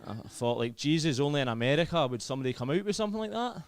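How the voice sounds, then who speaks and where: A man's voice: on the high side, very animated, very fast, clear, resonant tone, no room sound. A young Scottish man with a Scottish accent performing a self-deprecating, chatty stand-up comedy set. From Scotland.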